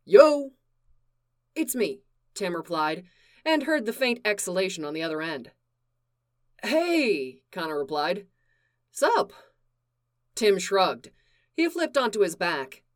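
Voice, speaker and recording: A woman reading fan fiction aloud in a slow, deliberate narration. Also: on the low side, big pitch swings. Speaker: reader.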